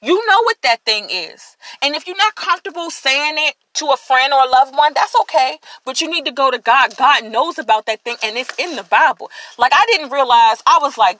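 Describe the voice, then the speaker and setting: A woman's voice: sits high, animated, normal speed, hardly any pauses, pushed and bright, no room sound. A woman hosting a podcast, giving an emphatic, preachy motivational faith talk and addressing listeners directly. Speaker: podcast host.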